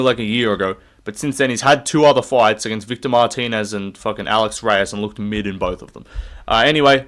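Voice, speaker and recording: A man's voice: mid-range voice, a bit bright. A young man, giving his fight picks in a rambling, profane, opinionated solo rant while standing up to record. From Australia. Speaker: MMA fight predictor.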